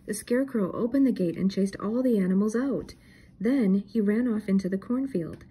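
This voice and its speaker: A woman's voice: fairly low pitch, normal speed, dark tone, husky, poor audio. A woman reading aloud and voicing a grumbling older male farmhand who complains constantly. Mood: worried.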